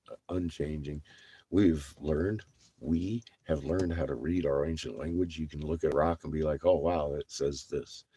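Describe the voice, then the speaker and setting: A man's voice: rumbling low, warm tone, slightly rough. A man ranting profanely to his viewers in a rambling monologue, laughing between lines. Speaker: livestreamer.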